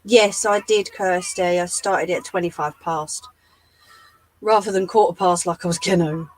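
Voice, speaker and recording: A woman hosting a live sewing tutorial, chatting to her viewers as she works, her voice going a little hoarse. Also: fairly low pitch, fairly even intonation, moderate pace, poor audio. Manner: chatty, talks to live chat while demonstrating. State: losing her voice. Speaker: craft livestream host.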